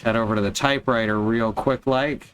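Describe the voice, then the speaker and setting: A man chatting casually over his gameplay, dropping wry jokes as he goes, his voice at an everyday middle pitch. A faint background noise sits under his voice. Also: steady tone, brisk, a bit bright. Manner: wry, joking asides. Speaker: streamer.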